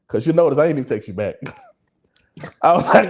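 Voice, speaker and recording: A man's voice: fairly high pitch, very animated, a little slow, gravelly, long pauses, darkish tone. A man in casual podcast talk whose voice swings widely up and down. He speaks openly and emotionally, swears freely and breaks into laughter between sentences. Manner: emotional, laughing, profane, confessional. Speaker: podcast co-host. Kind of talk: candid casual chat.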